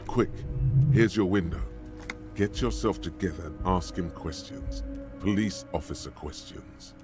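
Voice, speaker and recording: An actor voicing a brooding inner voice of the mind that narrates in an ominous, taunting way for a video game. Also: male voice, deep voice, measured pace. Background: game music.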